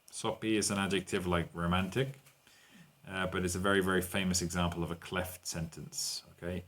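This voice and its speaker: A man's voice: sits low, normal speed, a bit bright. A man teaching an online English lesson, walking learners through exercises and translating lines into Spanish.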